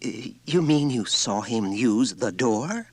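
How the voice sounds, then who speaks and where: Give me a man playing a diffident woman schoolteacher who stammers apologetically, pitched up, in an audiobook. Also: animated, takes it slowly, dry recording. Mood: flustered. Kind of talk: audiobook character voice.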